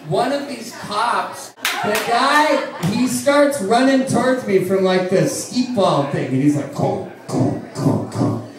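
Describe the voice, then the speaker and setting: A man's voice: very high voice, animated, slow. Rambling profane man telling a story. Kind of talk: live storytelling on stage. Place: bar venue with audience. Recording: echoey room, distant mic, crowd noise.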